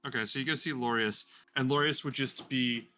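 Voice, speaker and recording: A man running a tabletop game, improvising the scene as he goes. He rambles through the narration with plenty of fillers, and his voice is bright and forward. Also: medium pitch, steady tone, a little fast, soft background music. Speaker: game master.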